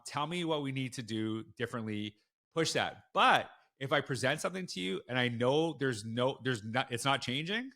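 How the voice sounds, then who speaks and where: Male guest, school leader, bright forceful voice, frank animated storyteller. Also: medium pitch. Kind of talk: conversational storytelling.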